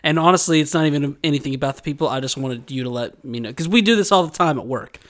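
A man's voice: on the high side, quick pace. A man, co-hosting a podcast, telling a long dream story in casual chat and laughing often as he goes. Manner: rambling, laughs often while telling stories. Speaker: podcast co-host.

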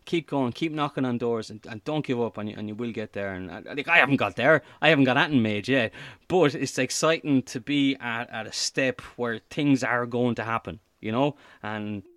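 Guy, thirties, podcaster guest, middle-pitched, rambles with restarts, dry close sound. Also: normal speed, dry recording. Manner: animated, repeats words, frequent fillers and restarts. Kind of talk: casual interview chat.

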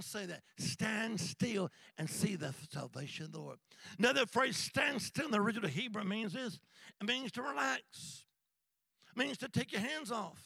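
A man preaching a sermon as an evangelist, with rhythmic call-and-response that swings from shouts to hushed whispers in a church. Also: sits high, creaky, breathy edge, no echo. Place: church sanctuary.

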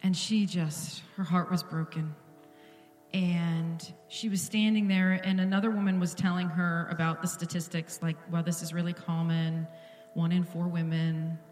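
A woman's voice: on the low side, little pitch movement, normal speed, darkish tone, roomy sound, big-room sound, faint music behind. A woman pastor giving an earnest, intimate sermon in a church, at times dropping to a whisper. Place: church sanctuary.

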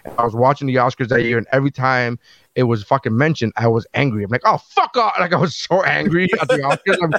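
A man hosting a casual movie podcast, telling stories with lots of swearing and sudden loud outbursts. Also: medium pitch, fast. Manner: animated, profane storytelling with shouted punchlines. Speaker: podcast host.

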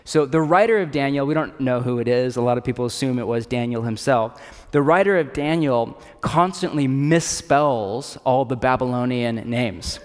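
A man's voice: medium pitch, moderate pace, clean tone. Man preaching in a reverberant hall. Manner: animated, casual and joking. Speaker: pastor. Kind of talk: sermon. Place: church in a city.

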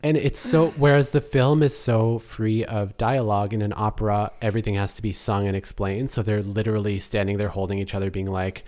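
A man's voice: lowish voice, level tone, fairly quick, hardly any pauses, darkish tone. A man co-hosting a casual chat about a film, talkative, laughing often and trailing off mid-sentence. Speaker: podcast co-host.

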